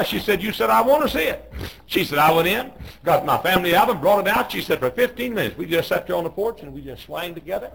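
A man preaching a sermon, telling a story in a folksy way, clearing his throat and restarting often. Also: on the high side, lively intonation, normal speed, a bit bright, poor audio. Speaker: pastor.

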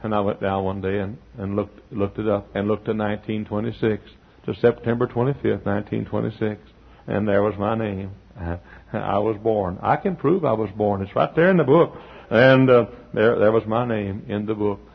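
An older male preacher with a husky, slightly breathy voice, working a sermon in a folksy way. He swells up to near-shouted peaks, then drops to quiet, close asides. The recording is dull and lo-fi, like an old sermon tape. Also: fairly low pitch, moderate pace. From Texas.

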